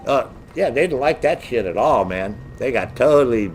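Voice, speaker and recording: A middle-aged man ranting casually with a lot of profanity, in a lively, mocking storytelling way. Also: mid-range voice, moderate pace, few pauses, slight background noise. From United States. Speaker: gaming streamer.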